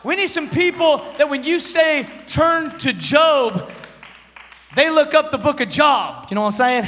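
A pastor in his thirties preaching a sermon, animated and joking, swinging from shouts to hushed storytelling. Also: very high-pitched, a little fast, long reverb tail, slight background noise.

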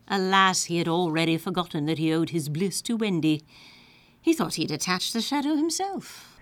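A woman narrating a children's story in a playful, expressive reading. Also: mid-range voice, no room sound.

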